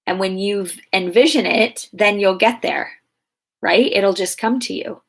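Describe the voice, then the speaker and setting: A woman's voice: medium pitch, a little slow, vocal fry. Woman in her thirties, life coach answering client questions, chatty and loose, lots of "like" and "you know". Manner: chatty, many fillers and restarts. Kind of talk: casual Q&A coaching talk.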